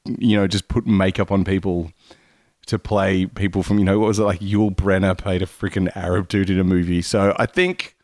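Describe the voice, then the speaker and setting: A man's voice: low voice, level tone, moderate pace, a little mellow. An Australian man co-hosting a podcast in casual chat, laughing often and acting out silly quoted voices. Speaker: podcast co-host.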